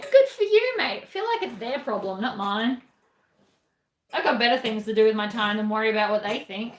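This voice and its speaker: A woman's voice: on the high side, a bit bright. Chatty Australian woman in an echoey room. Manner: chatty, blunt, reads and answers viewer comments. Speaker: sewing livestream host. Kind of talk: casual chat while sewing.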